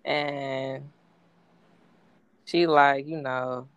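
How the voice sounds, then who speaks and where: Woman co-host, laid-back slangy talk, deep for a woman, dry close sound. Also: steady tone, very slow, clear, resonant tone, no room sound, dull audio. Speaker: podcast co-host. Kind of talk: casual chat.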